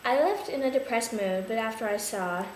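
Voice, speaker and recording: A woman in a writing group reading a story aloud softly, amused as she reads the dialogue. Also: fairly high pitch, animated, moderate pace. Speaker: creative writing group member. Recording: echoey room, background noise.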